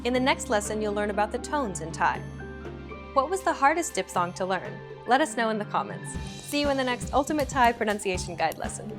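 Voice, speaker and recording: A woman giving a scripted pronunciation lesson, explaining sounds in a clear, measured way. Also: fairly high pitch, expressive, music in the background. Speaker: pronunciation teacher.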